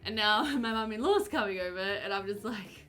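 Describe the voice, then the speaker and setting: A woman's voice: medium pitch, expressive, normal speed, soft background music. A young woman streaming a game, chatting casually with her viewers and reading their messages aloud with frequent giggles. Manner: chatty, warm, giggly, reads chat aloud. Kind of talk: casual chat with live chat while gaming.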